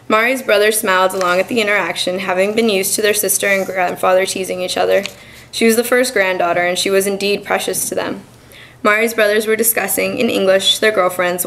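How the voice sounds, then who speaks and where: Young woman, student fiction reading, measured delivery. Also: mid-range voice, gravelly, fairly bright tone, rough recording. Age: young adult. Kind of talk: literary reading. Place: college reading event.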